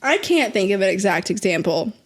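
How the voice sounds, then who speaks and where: A woman's voice: mid-range voice, very animated, brisk. A woman co-hosting a book podcast in casual chat, giggly and exclamatory, swearing freely. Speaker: podcast co-host.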